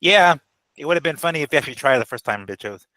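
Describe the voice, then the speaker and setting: A man co-hosting a boxing talk show, in an excitable, casual chat style with plenty of swearing. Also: fairly high pitch, racing, no room sound, rough recording. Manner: animated, excitable, swears freely.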